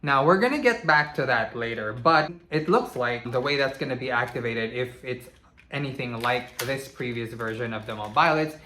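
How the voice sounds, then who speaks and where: A man talks through a toy review in a loose, chatty way, scattering casual asides as he goes. His voice is bright and forward, and it rings off the walls of an echoey room. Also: mid-range voice, moderate pace. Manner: chatty, relaxed, many "you know" asides. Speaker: toy reviewer, channel host.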